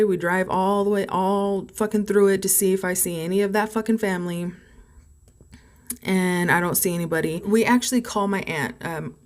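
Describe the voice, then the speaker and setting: Heated, foul-mouthed young woman vlogger. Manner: swears heavily, rambling and heated; flares up loud and high when angry. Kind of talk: casual storytime vlog.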